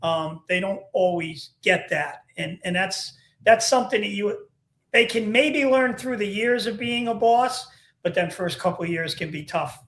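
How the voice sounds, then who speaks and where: Man, very high voice, animated storyteller, echoey room. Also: unhurried. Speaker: podcast host, former undercover agent. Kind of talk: podcast conversation.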